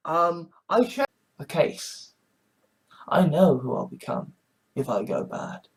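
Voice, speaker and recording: A man's voice: a little high, sing-song, slow. A man ranting in a blunt, emotional monologue, swearing freely as an online preacher.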